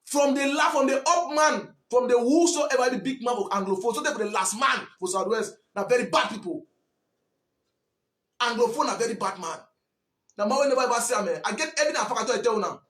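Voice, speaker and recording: A man with a Cameroonian Pidgin English accent delivers a fiery, scolding monologue and keeps repeating himself for emphasis. His voice sits very high. The room adds a clear echo. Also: lively intonation, fast, a bit bright. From Southwest Cameroon. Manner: preachy, repetitive, scolding. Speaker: commentator. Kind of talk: impassioned monologue.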